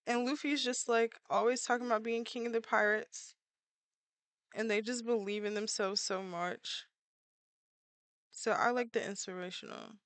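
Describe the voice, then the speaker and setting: A woman artist draws on a livestream and chats playfully with viewers, using many filler words. Her voice is a little high, with fairly even intonation at normal speed, and she pauses often. Her tone is a bit bright, clear, and resonant, with no room sound.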